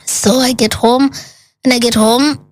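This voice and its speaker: A woman, a guest recounting a personal loss in an interview, animated and earnest, acting out the dialogue. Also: fairly high pitch, a little slow.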